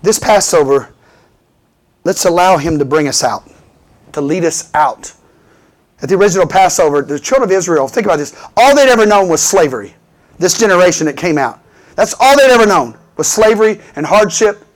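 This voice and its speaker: A male preacher delivering an animated sermon, calling for responses and asking for "Amen" again and again. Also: high voice, fairly quick. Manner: animated, fervent, repeatedly asks for "Amen".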